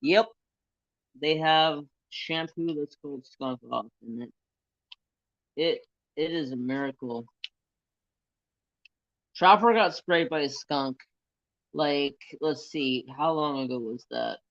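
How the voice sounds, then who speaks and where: Guy on a craft stream, sharp bright voice, rambly story with swearing, dry slightly dull sound. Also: a little high, takes it slowly, long pauses, no room sound. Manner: rambling, animated, swears freely. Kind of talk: casual storytelling chat.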